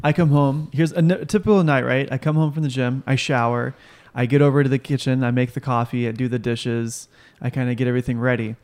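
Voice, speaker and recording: A man's voice: medium pitch, little pitch movement, fairly quick, darkish tone. A man telling a story in casual chat, exasperated and swearing freely.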